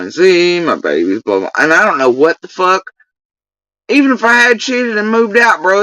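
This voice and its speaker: A woman venting on a livestream in a forceful, sharp tone, heavy with swearing. Her pitch swings widely as she rants, and the sound is dry and close. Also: no room sound, far from the mic, poor audio. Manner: profane, heated ranting. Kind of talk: livestream rant.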